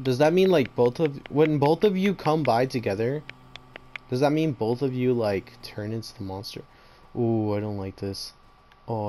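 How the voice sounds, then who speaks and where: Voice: mid-range voice, mellow, a little hiss or hum. A gamer giving commentary on a horror game, jumpy and slangy, talking to the monsters and breaking into panicked repeated screams.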